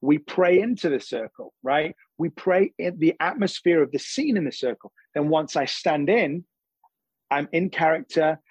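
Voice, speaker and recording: A man with a husky, slightly breathy voice explains his craft with an earnest, teacherly manner, dropping a casual "bro" now and then. The sound is close and dry, with no room around it. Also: a little high, moderate pace, darkish tone, no room sound, low-quality recording. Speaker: acting teacher and guest. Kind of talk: casual interview chat.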